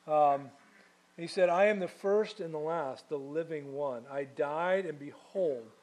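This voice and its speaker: Here a man with a fairly high, somewhat mellow voice preaches. The pastor talks to his congregation conversationally, asking them questions and offering casual asides.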